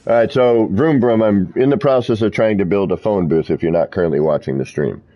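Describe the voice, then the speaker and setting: A man's voice: fairly low pitch, fairly quick, warm tone. A man streaming a video game, chatting in a rambling way with players who join him in voice chat. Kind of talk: casual live-stream chat while gaming.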